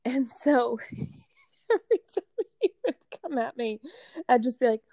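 Woman, 30s, higher-pitched relaxed co-host, dry close recording. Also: unhurried, no echo. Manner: easygoing, laughing reactions. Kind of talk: casual chat.

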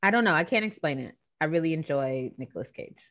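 A woman's voice: low voice, expressive, fast, fairly bright tone. A young adult woman co-hosting a podcast, gossiping animatedly with exclamations and many fillers. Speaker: podcast co-host. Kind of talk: casual chat.

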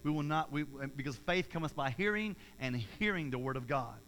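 A man, preaching a sermon in an energetic, emphatic way, with repeated phrases and restarts. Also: a little high, brisk, slight background noise.

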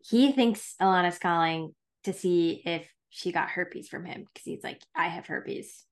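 A woman's voice: fairly low pitch, measured pace. Easygoing woman podcast co-host. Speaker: podcast co-host recapping a TV episode. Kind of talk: casual chat.

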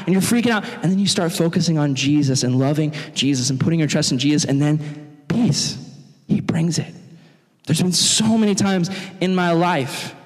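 A young adult man giving an animated sermon in a church, acting out other people's voices as he talks. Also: a little high, normal speed. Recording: long reverb in a church hall.

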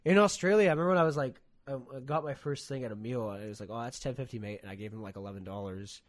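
A man's voice: medium pitch, very fast. A young man in casual chat, telling stories animatedly, swearing often and acting out quotes in a raised voice.

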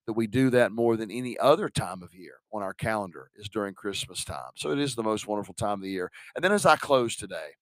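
Pastor preaching conversationally. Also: male voice, lowish voice, lively intonation, fast talker, hardly any pauses, no room sound. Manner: conversational preaching with rhetorical questions. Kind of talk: sermon.

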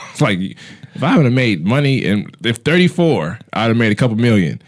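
A man co-hosting a podcast, telling loud, profane comedic stories with put-on voices. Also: medium pitch, sing-song, moderate pace. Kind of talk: casual comedic chat.

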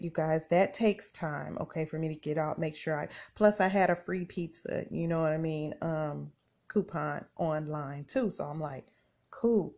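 Her fairly low, darkish voice carries a relaxed story told straight to listeners. This middle-aged woman is a chatty podcast host who addresses her audience directly and dramatizes her own reactions as she goes.

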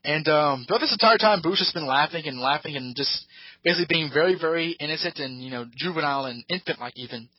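A fast-talking podcast host with a fairly high, slightly rough voice rambles casually through an episode recap, hesitating often. He voices the characters in put-on tones, and his podcast-mic audio is dull with no room sound.

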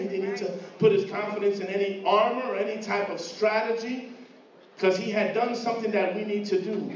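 A man preaching a sermon to a congregation, retelling a story and acting out its voices with rising fervor. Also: high voice. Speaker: pastor. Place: church sanctuary. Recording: echoey hall from far off, dull.

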